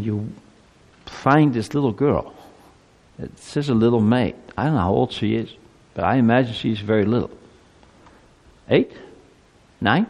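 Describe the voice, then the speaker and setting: A man's voice: mid-range voice, a little mellow, in a large hall, muffled recording. A man giving a children's sermon, telling a story with animation and asking the children questions. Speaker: preacher.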